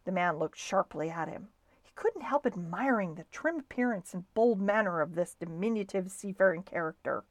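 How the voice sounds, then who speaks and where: A woman who reads a children's storybook aloud with an expressive, varied delivery. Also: mid-range voice, moderate pace, no echo.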